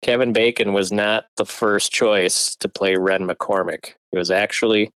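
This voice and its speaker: A man's voice: fairly low pitch, fairly even intonation, measured pace, fairly bright tone, clean tone, no room sound. A man co-hosting a casual movie chat, laughing often and hedging with fillers. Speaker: podcast co-host.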